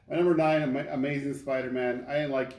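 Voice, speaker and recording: Blunt deadpan man, echoey room. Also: mid-range voice. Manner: blunt, dry, deadpan put-downs. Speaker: co-host ranking films. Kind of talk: casual chat. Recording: echoey room with faint noise.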